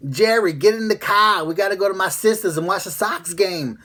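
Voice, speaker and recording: A man voicing a bossy middle-aged woman with a Boston accent who yells. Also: sits high, a little fast, voice pushed up. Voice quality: yelling, bossy.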